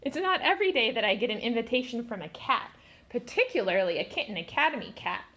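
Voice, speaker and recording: A woman's voice: fairly high pitch, sing-song, fast, pushed and bright, exaggerated voice. A woman voicing a wry, eccentric gray-haired male time-traveller in a storybook, full of playful asides.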